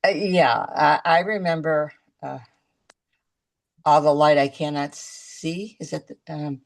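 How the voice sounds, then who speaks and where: A woman talking as a guest in a casual video-call chat, chatty and halting, restarting her sentences often. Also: low-pitched, fairly even intonation, creaky.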